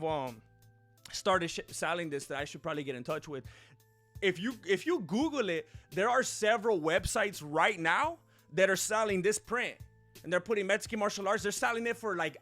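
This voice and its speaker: A man giving casual, rambling vlog commentary with animated, jokey asides. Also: high voice. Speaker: online commentator.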